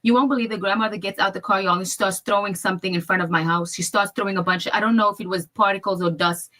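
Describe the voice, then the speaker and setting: Woman, mid pitch, vivid storyteller who acts out the quotes. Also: steady tone, fast, bright, forceful tone. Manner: vivid retelling that acts out other people's words. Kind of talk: personal storytelling in a video.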